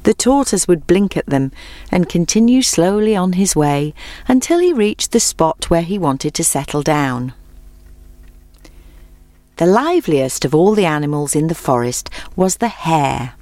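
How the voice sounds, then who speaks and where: Low-voiced woman reading a storybook. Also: big pitch swings, unhurried, mellow, no echo.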